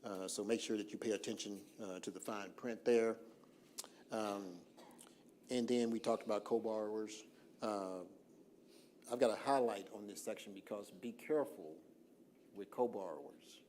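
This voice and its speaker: A man with a lowish, mellow voice talks a church group through credit basics. His delivery is loose and conversational, padded with "uh" and "um", and he slows down on purpose to drive a point home. A faint hum of ambience sits behind him. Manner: relaxed, lots of "uh" fillers, slows down deliberately for emphasis. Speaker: financial workshop presenter. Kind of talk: informal seminar talk. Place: church hall.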